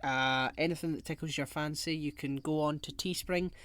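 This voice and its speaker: A man's voice: a little high, fairly even intonation, normal speed, fairly bright tone, dry recording. A man co-hosting a casual podcast chat, joking and rambling. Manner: jokey, rambling, laughs at own jokes. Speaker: podcast co-host.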